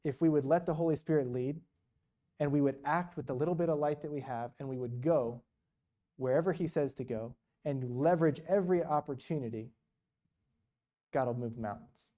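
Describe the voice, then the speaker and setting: Guy giving a laid back church talk, warm mellow voice, rambles and quotes people a lot. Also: on the high side, moderate pace. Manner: rambling, retells conversations with many quotes. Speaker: missionary guest speaker. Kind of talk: casual storytelling talk.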